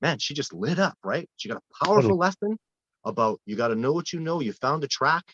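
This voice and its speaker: A man's voice: on the high side, fast. Earnest man telling stories, dull lo-fi sound. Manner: earnest, animated storyteller with frequent restarts. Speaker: wilderness expedition guide. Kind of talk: casual interview storytelling.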